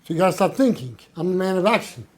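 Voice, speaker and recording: A man's voice: high voice, animated, quick pace, a little mellow. An older man telling a personal story in an emphatic way, repeating key words for effect. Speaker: speaker recounting his community work.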